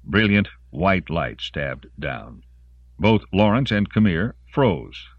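A man narrating an audiobook in a very deep voice that moves expressively through a wide range of pitch. The recording is dry and a little dull, without much room sound. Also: sing-song, slow pace, no room sound. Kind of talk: scripted narration.

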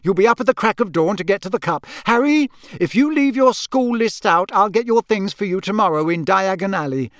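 A bustling mother witch who fusses over her grown children, as a male reader puts her on. The pitch climbs high and scolding. The sound is close and dry. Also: expressive, a little fast, few pauses, fairly bright tone, no echo. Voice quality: fussy, scolding. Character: fussing motherly middle-aged witch.

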